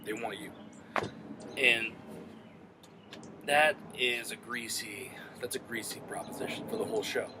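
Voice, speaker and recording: A man's voice: mid-range voice, unhurried, noisy background. A man recapping a TV episode in a loose, profane, filler-heavy way. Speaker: show reviewer.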